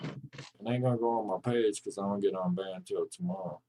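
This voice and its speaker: A man's voice: lowish voice, fairly even intonation, fairly quick, warm tone. A man co-hosting a podcast in casual chat, ranting and joking with a lot of swearing. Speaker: podcast co-host.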